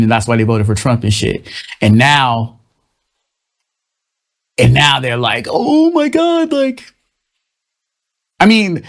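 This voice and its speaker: Profane rambling young man monologuing. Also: medium pitch. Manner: loose, profane, rambling storytelling with shifting vocal impressions. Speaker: host of a comedic commentary show. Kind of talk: casual comedic monologue.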